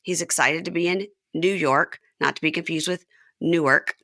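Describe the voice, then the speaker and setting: A woman hosting a podcast, chatting casually and recapping a reality show, acting out quotes in high silly voices. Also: moderate pace, bright, forceful tone, no room sound, studio quality. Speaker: podcast host.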